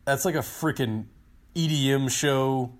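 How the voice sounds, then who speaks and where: A man in his thirties on a podcast, telling a long story in a casual, excited, rambling way and acting out what people said. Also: medium pitch, measured pace. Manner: excited, rambling storyteller who acts out quotes. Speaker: podcast co-host, team digital director.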